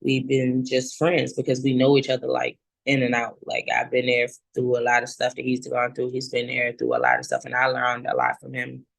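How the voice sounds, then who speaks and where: Thirties woman, interview guest, gravelly texture, blunt and profane, acts out scenes. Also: rumbling low, completely flat delivery, moderate pace, hardly any pauses, no room sound, low-quality recording. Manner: candid, blunt, swears freely; relives scenes by acting out both sides. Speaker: guest sharing her story. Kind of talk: personal testimony in casual talk.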